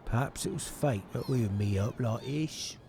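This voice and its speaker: A man's voice: mid-range voice, normal speed, creaky, background noise, lightly acted. A man reading the lines of a cocky young female thief aloud while playing, in his own plain voice without an accent. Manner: reads game dialogue aloud in a plain voice, no accent. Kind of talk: reading game dialogue aloud.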